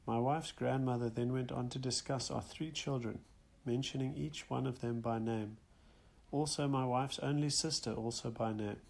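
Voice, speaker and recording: Man, gravelly voice, calm measured audiobook narration, mid pitch. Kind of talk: first-person nonfiction audiobook reading.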